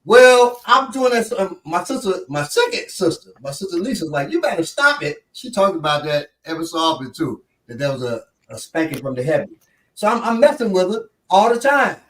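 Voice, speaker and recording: A man, telling a story in casual talk and acting out quotes with big pitch jumps. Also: very animated, moderate pace, distant mic. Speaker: show instructor telling a story. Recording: echoey room, voice off-mic.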